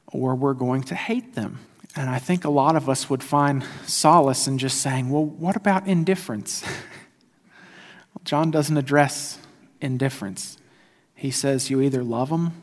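Man preaching in a reverberant space. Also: fairly high pitch. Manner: conversational, animated, laughs at himself. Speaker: pastor. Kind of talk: sermon.

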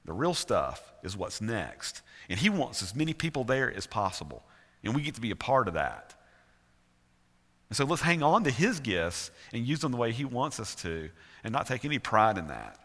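A man's voice: mid-range voice, big pitch swings, normal speed, a bit bright. A male pastor with a Southern US accent preaching a sermon earnestly, with emphatic repetition. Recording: reverberant church hall.

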